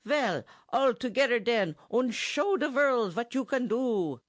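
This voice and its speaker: A woman's voice: fairly high pitch, lively intonation, a little slow, dry recording, pitched above the performer's own voice. A woman voicing a bossy, pompous middle-aged German bandmaster who speaks mangled English with a thick German accent, in a dry audiobook recording. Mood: blustering. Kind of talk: audiobook character voice.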